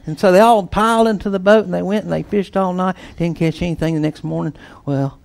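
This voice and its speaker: Man, high voice, preacher, animated storytelling sermon, loud bursts and soft hushed stretches. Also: fairly quick, gravelly, hardly any pauses.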